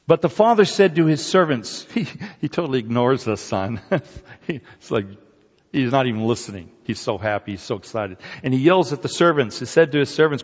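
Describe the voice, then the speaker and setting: A man preaching a sermon, retelling a parable with lively storytelling and acting out the figures' voices with rising excitement. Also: mid-range voice, moderate pace, in a large hall, dull audio.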